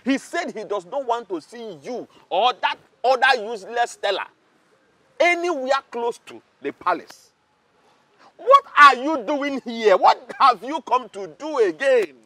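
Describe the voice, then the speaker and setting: A Nigerian actor playing an arrogant, mocking palace security chief who shouts insults. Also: male voice, very animated, measured pace, no room sound, heavily acted. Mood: scornful. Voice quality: high, bright, shouting and mocking. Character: arrogant loud-mouthed male palace guard. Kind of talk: Nollywood drama acting.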